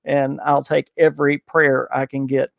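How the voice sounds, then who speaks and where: A man's voice: medium pitch, little pitch movement, moderate pace, gravelly, dry recording. A man with a thick Southern US accent, hosting a casual livestream podcast, chatting folksily and reading viewer messages. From Southern United States. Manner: folksy, chatty, loses his train of thought with many uh fillers. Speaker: podcast host. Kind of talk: casual livestream chat reading super chats.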